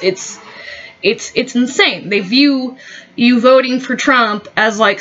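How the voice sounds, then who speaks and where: A woman's voice: mid-range voice, bright, forceful tone, highs cut off. A woman vlogger in a heated, profane, rambling opinion rant.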